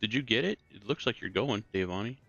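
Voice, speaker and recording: A man's voice: on the low side, fast talker, vocal fry, highs cut off, soft background music. A man chatting casually over voice chat, talking through what he is doing in a driving game. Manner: relaxed, narrates his own moves. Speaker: game player.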